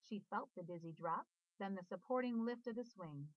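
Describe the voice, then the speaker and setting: A woman reading a children's storybook aloud in an expressive, sing-song way. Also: medium pitch, moderate pace, no echo. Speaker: storybook reader. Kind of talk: children's book read-aloud. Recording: dull dry recording.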